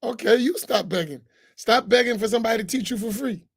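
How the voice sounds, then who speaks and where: A man's voice: very high voice, fast talker, husky, dry recording, clean studio sound. A man, an imam, giving an informal reflection talk with humor and acted-out voices. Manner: animated, humorous, acts out voices, preachy asides.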